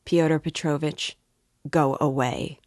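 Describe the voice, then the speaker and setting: A woman's voice: deep voice, fairly even intonation, slow pace, darkish tone, no room sound, clean studio sound. Woman reading as a proud, irritable young woman. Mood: angry. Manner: irritable, cold.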